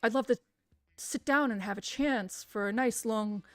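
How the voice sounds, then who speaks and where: A woman's voice: on the high side, normal speed, no room sound, soft background music, close to an everyday voice. A woman voicing an earnest young male detective who stammers and apologizes nervously, in a game read aloud. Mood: flustered.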